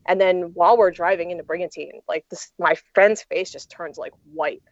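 A woman's voice: fairly low pitch, fairly even intonation, normal speed, dry recording, highs cut off. A young adult woman telling a story in a casual interview, rambling with lots of fillers and restarts. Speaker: poker player guest.

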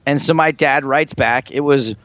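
A man co-hosting a podcast, telling a long family story in casual chat, rambling and animated. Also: mid-range voice, normal speed, no echo. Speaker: podcast co-host.

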